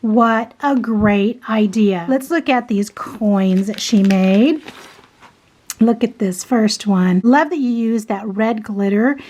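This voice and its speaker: A woman's voice: a little high, slow pace, a little hiss or hum. Gushing woman opening craft mail. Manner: gushing, excited, lots of gasps and exclamations. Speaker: craft vlogger. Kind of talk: casual unboxing chat.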